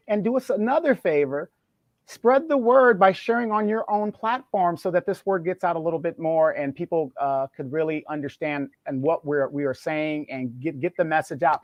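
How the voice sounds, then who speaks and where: A man's voice: fairly high pitch, no room sound, muffled recording. A man co-hosting a casual live-streamed talk show, earnestly urging viewers to like and share. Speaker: co-host.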